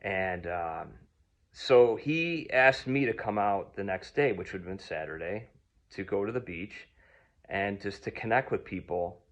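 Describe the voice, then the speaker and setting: A man's voice: lowish voice, expressive, unhurried. A man from telling a personal story in a casual, rambling way, full of ums and restarts. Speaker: vlogger.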